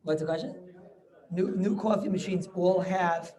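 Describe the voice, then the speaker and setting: A middle-aged man, a rabbi, giving an informal class over a video call, halting with many restarts and chuckling as he banters with students. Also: sits high, fairly even intonation, mellow. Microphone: video call microphone.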